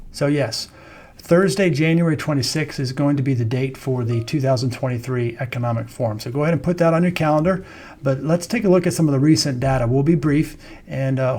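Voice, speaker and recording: Here the founder of a wealth management firm sounds medium-pitched with a darkish tone. He chats through an informal video update on the economy and markets, stumbling into frequent ums and self-corrections.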